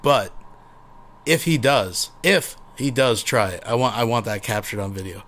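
A man's voice: mid-range voice, animated, unhurried, fairly bright tone. Sarcastic man doing mocking commentary. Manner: sarcastic, profane. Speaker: commentary channel host.

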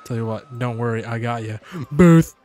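A man's voice: mid-range voice, monotone, fast, faint music behind. Profane sarcastic man playing a game. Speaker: gaming channel host. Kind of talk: casual gameplay commentary.

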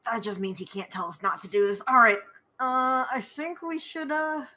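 A woman's voice: sits high, animated, normal speed, pushed and bright. A woman playing a tabletop game with friends, joking and bantering as she declares her moves. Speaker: player.

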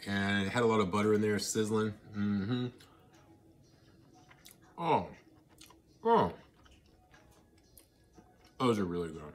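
A man talking casually to his viewers while he eats, chatty and excitable, with mouthfuls and happy murmurs between his sentences. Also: lowish voice, takes it slowly, pauses often. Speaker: vlogger. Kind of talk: casual eating vlog.

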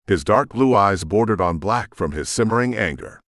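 Male audiobook narrator, deep and expressive, dark brooding read, dry close mic. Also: moderate pace, dry recording. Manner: dramatic, brooding. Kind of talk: first-person audiobook narration.

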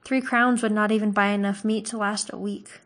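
A woman's voice: medium pitch, fairly even intonation, normal speed, close to an everyday voice. A woman reading aloud and voicing a young male farm-boy hunter who speaks in a curt, defensive way.

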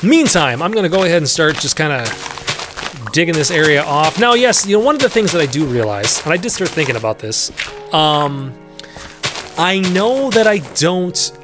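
Chatty let's-play man, slightly high voice. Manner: chatty and rambling, talks to creatures in the game; laughs easily, bursts into loud yelps. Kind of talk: casual gameplay commentary.

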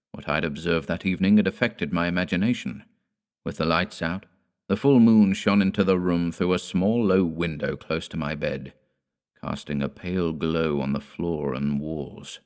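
Deep-voiced man narrating horror. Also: clean tone. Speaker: audiobook narrator.

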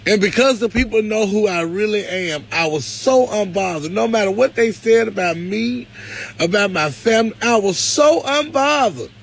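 A man's voice: sits high, normal speed, creaky, poor audio. A man talking to his viewers on a livestream, emotional and close to tears, with a preacherly lift. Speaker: live-stream host.

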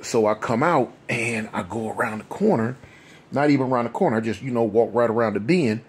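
A man's voice: mid-range voice, fairly quick, breathy edge. A man, telling a street story in a rambling, conversational way full of asides. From Los Angeles. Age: 50s.

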